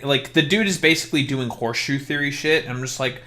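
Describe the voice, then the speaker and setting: A man's voice: mid-range voice, fast, pushed and bright. A man streaming while he plays a game, chatting casually in joking, profane rants. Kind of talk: casual gameplay chat.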